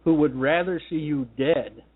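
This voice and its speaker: A man's voice: on the high side, a little slow, breathy edge. A man hosting a political talk radio show, delivering a combative, ranting monologue. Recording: tinny phone-line sound.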